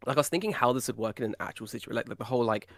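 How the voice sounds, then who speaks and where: Sweary British podcast host. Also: male voice, medium pitch, racing, no echo, studio quality. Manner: swears a lot, animated storytelling. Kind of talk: casual podcast chat.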